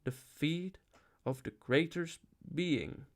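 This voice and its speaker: A man's voice: a little high, lively intonation, slow. A man doing a solemn supernatural voice from above. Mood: whispering. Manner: solemn, intoning then hushed. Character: mysterious supernatural male voice from above.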